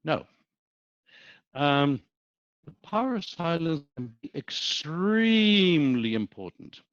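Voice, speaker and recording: A middle-aged business school professor lectures in a webinar, speaking slowly in a fairly high voice. He tells animated anecdotes and keeps checking in with "okay?". The audio has no room sound and its highs are cut off.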